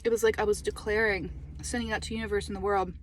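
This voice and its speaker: A middle-aged woman talking casually to her phone camera from a parked car, chatty and animated, laughing often. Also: medium pitch, very fast, a little hiss or hum. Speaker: lifestyle vlogger.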